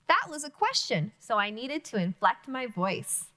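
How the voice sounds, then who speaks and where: A woman teacher leading a reading lesson for young children, speaking slowly and clearly with encouragement. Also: a little high, very animated, sharp tone. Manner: slow, clearly enunciated, encouraging teacher talk. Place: classroom-style video lesson.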